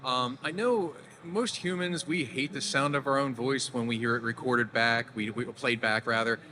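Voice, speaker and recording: A man's voice: medium pitch, normal speed. A man moderating a live convention panel, asking questions casually and directing the audience. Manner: casual, loosely organized questions. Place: large convention hall. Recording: reverberant hall with faint noise.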